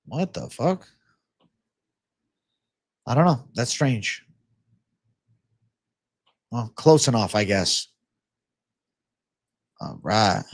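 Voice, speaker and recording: A man's voice: mid-range voice, sing-song, extremely slow, pauses often, breathy edge, no echo, clean studio sound. A man hosting a live betting-picks stream, rambling and swearing freely, prone to angry rants. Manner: profane, rambling, flares into ranting. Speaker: livestream host.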